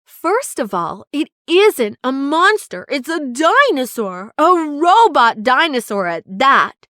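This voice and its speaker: A woman doing a cheerful young boy inventor in a children's storybook, high and lively, sliding up in sudden eager bursts. He talks in a bright, pleading way, close and dry with no room around him. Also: slow, no room sound, heavily acted. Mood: explaining.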